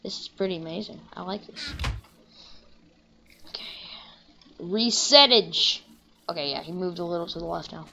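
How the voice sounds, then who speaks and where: A young woman giving rambling, casual commentary while playing a video game, breaking into excited shouts now and then. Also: fairly low pitch, moderate pace, creaky, pauses often, a little hiss or hum. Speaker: gaming channel host.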